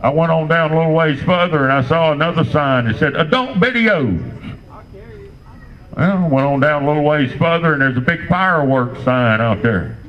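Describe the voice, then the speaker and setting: An older man with a drawl works a club crowd through a standup set. His voice sits a little high for a man, and he tells crude, rambling stories in a dry deadpan. The recording is dull and lo-fi. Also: normal speed. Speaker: standup comedian.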